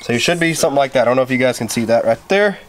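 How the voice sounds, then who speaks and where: A man's voice: medium pitch, animated, rapid-fire, background noise. A man hosting a garage vlog, chatting casually and joking with plenty of swearing while he works on a clutch. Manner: profane, joking, rambling. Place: home garage.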